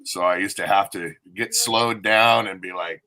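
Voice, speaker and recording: Dude talking casual, low voice but bright and forward, cusses a bunch. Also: male voice, steady tone, normal speed. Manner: laid-back, swears, says dude and bro. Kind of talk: casual chat.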